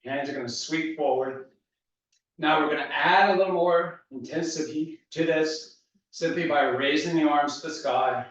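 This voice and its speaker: A man leading a guided workout with calm, steady coaching cues, out of breath. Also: a little high, moderate pace. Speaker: fitness instructor. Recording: echoey room, voice from far off, dull sound.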